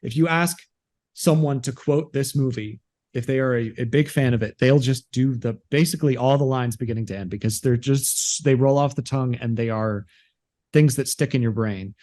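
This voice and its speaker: In casual podcast chat, a male co-host with a medium-pitched voice and moderate pace rambles, animated, full of restarts. He acts out quotes, movie lines among them.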